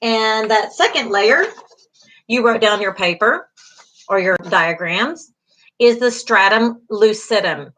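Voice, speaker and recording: On a rough recording, a middle-aged woman teaches an online class at a slow pace, her medium-pitched voice pushed and bright. Patient and reassuring, she repeats key terms often and fills her speech with fillers.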